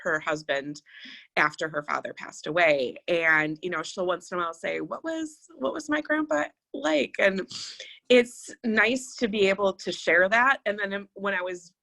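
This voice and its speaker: A woman's voice: fairly low pitch, fairly even intonation, normal speed, pushed and bright. A middle-aged woman co-hosting a podcast in casual chat, rambling and reflective with many fillers. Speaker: podcast co-host.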